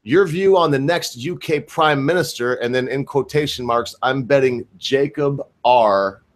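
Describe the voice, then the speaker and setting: A man's voice: mid-range voice, a little slow. Man, live-stream host; brash, rambling, jokey delivery. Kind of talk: live-stream talk show.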